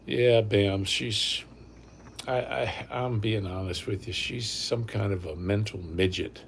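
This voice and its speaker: Gravelly older man, rambling blunt. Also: lowish voice, fairly even intonation, takes it slowly, a little hiss or hum. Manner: rambling, blunt, repeats himself. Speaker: livestream host. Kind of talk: casual livestream rant. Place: at home.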